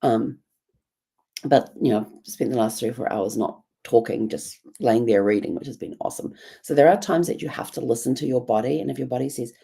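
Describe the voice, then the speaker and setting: A middle-aged woman with a New Zealand accent, hoarse and raspy from a bad cough, talking in a rambling, reflective way with many ums. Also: very deep voice, fairly quick, dark tone. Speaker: journalling vlogger. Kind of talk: casual reflective monologue.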